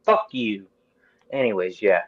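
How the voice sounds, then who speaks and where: A man in his thirties hosting a podcast, chatting casually in an animated, rambling, profane way. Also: on the low side, unhurried, husky, no room sound, lo-fi sound. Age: 30s. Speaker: podcast host. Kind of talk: casual chat.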